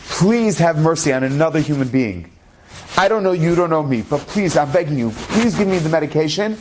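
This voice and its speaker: A man's voice: a little high, animated, a little fast, slight background noise, close to an everyday voice. A man voicing a desperate husband who pleads urgently for help in a retold story. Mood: pleading. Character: desperate middle-aged husband begging.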